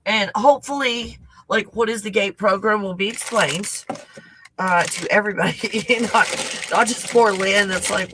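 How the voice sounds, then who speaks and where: A woman's voice: mid-range voice, measured pace, background noise. A woman hosting a casual livestream chat, snacking, reacting to viewer comments and swearing freely. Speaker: host.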